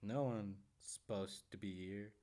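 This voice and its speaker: A small, filthy assassin, sour and menacing, voiced by a man reading aloud. He mutters his words in a low, grumbling register from a storybook reading. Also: unhurried, warm tone, close to an everyday voice. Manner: muttering sourly.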